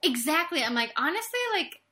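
Young woman co-host, high bright voice, emotional and expressive, casual swearing. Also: a little fast. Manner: emotional, animated, swears freely, quotes scenes. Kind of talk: casual chat.

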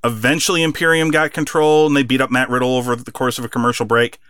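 Bright-voiced man recapping wrestling. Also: medium pitch, fast talker, clean tone, dry recording, clean studio sound. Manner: animated recapping, acts out wrestlers' lines. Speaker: podcast co-host. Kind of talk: casual wrestling recap chat.

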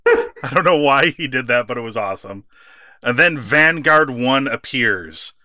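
A man co-hosting a wrestling podcast, chatting casually, laughing often and acting out quotes with animated bursts. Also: mid-range voice, a little slow, dry recording, studio quality. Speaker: podcast co-host.

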